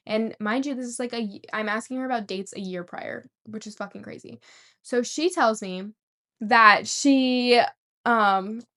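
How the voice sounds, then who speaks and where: A young woman vlogger telling a rambling story and swearing casually. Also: mid-range voice. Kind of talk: storytime vlog.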